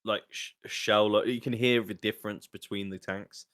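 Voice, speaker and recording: A young Englishman co-hosting a casual podcast chat, animated and sweary, laughing as he rants about a film. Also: lowish voice, moderate pace. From England. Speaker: podcast co-host.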